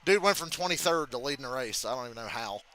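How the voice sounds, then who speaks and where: A young man reacting live to a race on stream, excitable and swearing freely as he thinks aloud. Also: mid-range voice, fast talker.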